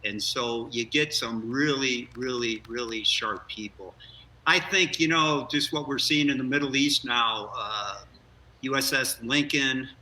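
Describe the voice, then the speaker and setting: An older man talks as a news guest in an earnest, energetic way. His voice is bright and forceful but sits back from the mic. A faint hum runs under the remote feed. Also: mid-range voice, far from the mic, rough recording. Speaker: former astronaut guest. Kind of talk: live news interview.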